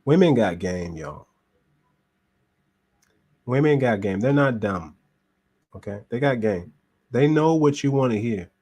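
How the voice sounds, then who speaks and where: A man's voice: medium pitch, animated, a little slow, pauses often, darkish tone, slightly rough. A man hosting a reaction show, giving casual commentary with emphatic repetition and frequent restarts.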